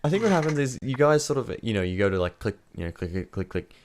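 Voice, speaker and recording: An Australian man running a tabletop game in a very deep voice. He describes each scene loosely, leaning on fillers and easy asides. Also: big pitch swings, quick pace, slight background noise. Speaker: game master.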